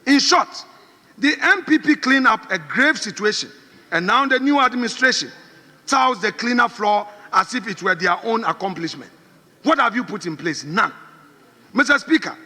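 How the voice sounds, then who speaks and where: High, bright-voiced Ghanaian man in a chamber. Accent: Ghanaian English. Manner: emphatic, combative, repeats phrases for stress. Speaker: member of parliament. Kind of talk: parliamentary debate speech. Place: large parliament chamber. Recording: reverberant chamber.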